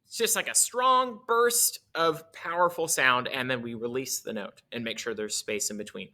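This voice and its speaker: A male music teacher with a medium-pitched, sharp-toned voice explains articulation casually at normal speed. He corrects himself as he goes and demonstrates on his instrument.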